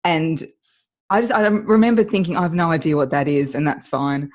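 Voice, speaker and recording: An Australian woman, a voice coach, chatting as an interview guest and telling her story in an animated way with frequent laughs. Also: deep voice, brisk. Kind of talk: casual interview chat.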